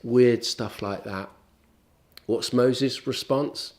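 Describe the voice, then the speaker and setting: A man's voice: medium pitch, drawn-out words, a little mellow. A man preaching a sermon in a conversational, wry and emphatic way.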